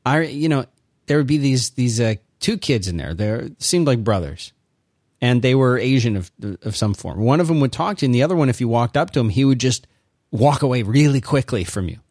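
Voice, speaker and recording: Male co-host, father, earnest rueful chat, expressive pitch, dry close sound. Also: brisk, no room sound. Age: adult father. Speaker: podcast co-host. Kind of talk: casual chat.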